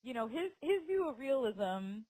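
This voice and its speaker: A woman's voice: fairly high pitch, sing-song, measured pace, darkish tone, no room sound, low-quality recording. A woman co-hosting a podcast in casual chat, laughing often and talking with lots of fillers. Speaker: podcast co-host.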